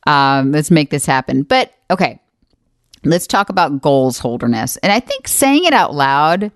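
Low-voiced woman co-hosting a podcast. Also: a little slow, no room sound, studio quality. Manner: lively, laughs often, animated quoting. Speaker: podcast co-host. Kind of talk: casual chat.

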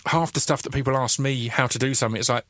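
A man's voice: medium pitch, steady tone, quick pace, a bit bright, no room sound. A man hosting a podcast, chatting in a rambling, self-deprecating way with frequent restarts. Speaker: podcast host. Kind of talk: casual chat.

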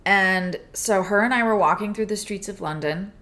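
A woman in her thirties, a podcast co-host telling a story in casual chat with a theatrical, animated delivery. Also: mid-range voice, moderate pace.

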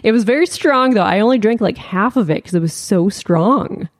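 A woman's voice: medium pitch, expressive, moderate pace. A woman co-hosting a podcast, telling a rambling story in a casual chat and filling her speech with "like". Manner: rambling anecdotes full of "like", laughs often. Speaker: podcast co-host.

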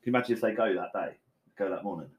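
A man's voice: fairly low pitch, rapid-fire, over a noisy crowd. A man hosting a casual football podcast, teasing his co-hosts and laughing often. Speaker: podcast host. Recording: roomy echo.

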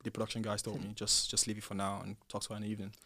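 A man's voice: fairly low pitch, very fast, no echo. A young man with a British accent, a podcast guest casually retelling events and acting out the conversations with rising emphasis. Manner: animated retelling, acts out quoted dialogue, rising loud when heated. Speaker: podcast guest, former reality show contestant. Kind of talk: casual storytelling chat.

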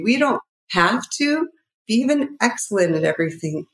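In a roomy recording, a middle-aged nonprofit founder with a fairly low voice gives an interview as a guest, speaking in a heartfelt, emotional, rambling way.

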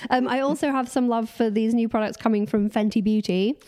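A woman trades quick, jokey banter as a podcast co-host. She chats casually from a sofa at home and keeps the tone light and fast-moving. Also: fairly high pitch, fairly even intonation, dark tone. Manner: chatty, jokey, quick-talking. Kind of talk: casual chat.

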